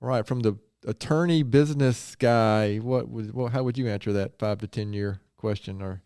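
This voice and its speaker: A man's voice: medium pitch, normal speed, warm tone, smooth, dry recording, clean studio sound. A man hosting a podcast, interviewing his guests in a conversational, curious way. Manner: conversational, curious, asks follow-ups. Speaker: podcast host.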